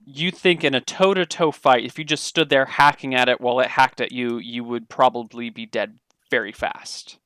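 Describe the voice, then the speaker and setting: A man's voice: medium pitch, fairly even intonation, moderate pace, a bit bright, smooth, no room sound, clean studio sound. A man narrating a tabletop role-playing game as game master, describing creatures and speaking for the locals with a folksy drawl.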